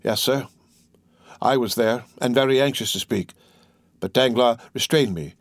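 A guilt-ridden, self-pitying innkeeper from a storybook, played by a male reader, confessing at length. The voice sits at a medium pitch. It is recorded close and dry. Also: measured pace, no echo. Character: remorseful, cowardly middle-aged male innkeeper.

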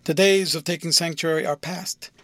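A man voicing a prudent, evasive older cathedral dean in an audiobook, speaking smoothly and hedging every point. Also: a little high, fairly even intonation, moderate pace, fairly bright tone, dry recording. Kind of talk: audiobook character voice.

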